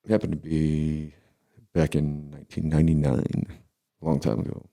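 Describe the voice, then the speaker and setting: A man in his forties telling a personal story casually, halting and restarting as he goes. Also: a bass voice, flat delivery, creaky, warm tone. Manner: halting, with many pauses and restarts.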